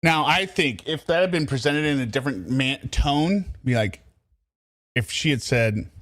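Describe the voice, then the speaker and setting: A man's voice: medium pitch, expressive, normal speed, a bit bright. A man giving amused, sarcastic commentary on a true crime story, laughing often. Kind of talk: reaction commentary.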